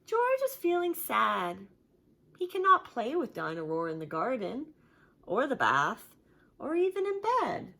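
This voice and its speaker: A woman reading a picture book aloud to young children, as a teacher would, with an expressive storytelling manner. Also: fairly high pitch, unhurried, creaky.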